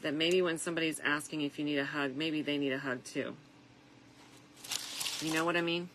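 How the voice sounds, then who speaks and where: A tired middle-aged woman chatting softly and reflectively as she makes a wreath, with plenty of fillers along the way. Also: low-pitched, steady tone, normal speed, slight background noise, low-quality recording. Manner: soft-spoken and reflective, with frequent fillers. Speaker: craft vlogger. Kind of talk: casual crafting chat.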